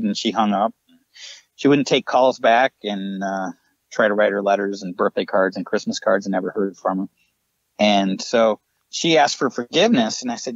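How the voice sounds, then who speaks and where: Low-voiced man telling a ghost story. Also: moderate pace, no room sound, muffled recording. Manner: earnest, recounting ghost encounters. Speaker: paranormal investigator guest. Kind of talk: storytelling in a podcast interview.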